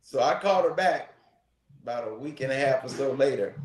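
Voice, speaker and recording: A man's voice: medium pitch, lively intonation, brisk. Brash man in an echoey room. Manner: brash, boastful storyteller, repeats himself. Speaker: co-host of a live relationship talk show. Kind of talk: casual live-stream chat, storytelling.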